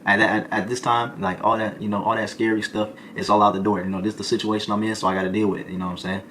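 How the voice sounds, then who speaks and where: A young adult man, a streamer, telling a comedic storytime in an animated, slangy way, peppering his lines with "boy" and "folk". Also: fairly low pitch, racing, slight background noise.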